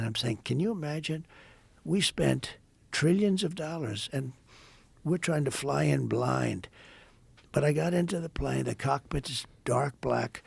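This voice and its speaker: A man's voice: medium pitch, creaky, darkish tone, husky, no room sound. A man in his seventies from the United States, a podcast guest telling a long story in a rambling, repetitive way full of superlatives. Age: 70s. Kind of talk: casual storytelling in a podcast interview.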